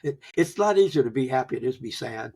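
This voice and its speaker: An older man telling personal stories in a folksy, conversational way, often chuckling and trailing off softly. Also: medium pitch, lively intonation, racing, slight background noise. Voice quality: gravelly, husky. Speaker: guest, grief author. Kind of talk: conversational interview.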